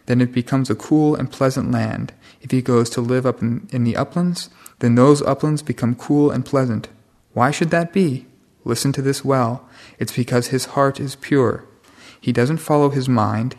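Stern monk giving a scolding Dhamma talk. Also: male voice, medium pitch. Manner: stern, scolding, plain-spoken. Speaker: senior monk teaching monks.

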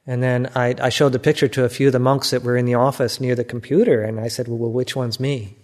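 An older man with an American accent, a Buddhist monk giving a reflective, gently self-mocking dharma talk. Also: mid-range voice, little pitch movement, fast talker. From United States.

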